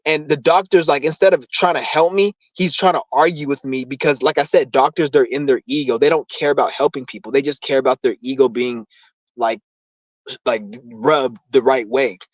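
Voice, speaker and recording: A man's voice: mid-range voice, fairly even intonation, moderate pace, no room sound. Young guy ranting on his stream, cussing a lot, muffled dry lo-fi sound. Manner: profane, heated, rambling. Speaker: channel host. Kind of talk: casual rant on a live stream.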